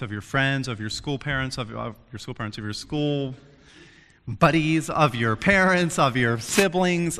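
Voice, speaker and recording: A man's voice: medium pitch, in a large hall. A young man preaching a casual sermon to students, telling stories and acting out quotes. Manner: animated storytelling, acts out quotes. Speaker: youth preacher.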